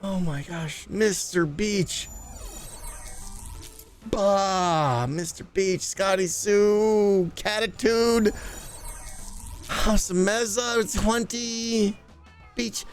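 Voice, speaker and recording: A man's voice: sits high, very slow, pauses often, soft background music. A man streaming live, rambling and laughing as he thanks viewers in a flustered, casual chat.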